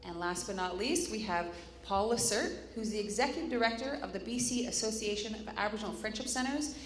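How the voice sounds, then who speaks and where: A woman's voice: medium pitch, brisk. A woman moderating a live conference panel, introducing the speakers in a chatty way with joking asides and stumbles over names. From Canada. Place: conference hall. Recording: echoey hall, faint room noise.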